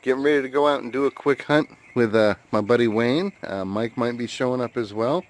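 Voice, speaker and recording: A man with an American accent, chatting casually to the camera as a metal detecting vlogger, laid-back and quick to laugh. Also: mid-range voice. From United States. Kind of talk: casual vlog talk to camera. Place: outdoors at a hunting site and by his truck.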